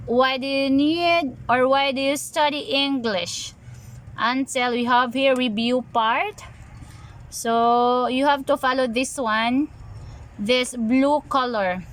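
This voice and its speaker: A woman's voice: high voice, fairly bright tone, slight background noise. A woman with a Filipino accent, an online English teacher, patiently explaining lesson materials and reading example sentences aloud, mixing in Tagalog phrases. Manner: patient, instructive, reads example lines aloud slowly; switches between English and Tagalog. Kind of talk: tutorial walkthrough of lesson materials. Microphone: handheld phone camera.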